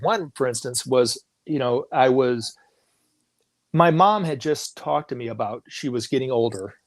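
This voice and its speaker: A man's voice: medium pitch, no room sound, studio quality. A middle-aged man, a guest on a talk show, telling a personal story in a casual, rambling way, often restarting and acting out what people said. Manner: rambling, with frequent restarts and quoted dialogue.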